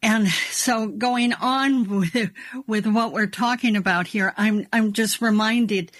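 A woman interviewing a guest on the radio, speaking in a gentle, searching way with hesitant restarts. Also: mid-range voice, takes it slowly.

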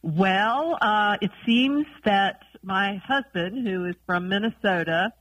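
Woman, radio caller, slow, bright voice. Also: medium pitch, poor audio. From South Carolina, US.

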